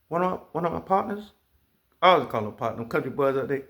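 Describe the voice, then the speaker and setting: Brief: a man with a slightly high voice, telling stories straight to camera, loose, profane and animated. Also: fast, creaky. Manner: profane, animated, with sound effects. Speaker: vlogger. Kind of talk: casual storytelling monologue.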